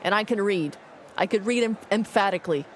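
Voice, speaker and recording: A woman's voice: medium pitch, fairly quick, slight background noise. A woman streaming a game in casual commentary, playful and cursing, reading the game's text aloud as she goes.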